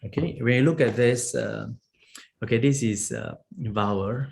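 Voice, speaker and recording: A monk teaches a beginner Pali lesson, drilling sounds one at a time, checking in with "okay?" and chuckling often as he explains. His medium-pitched voice is gravelly and a little mellow, at a measured pace.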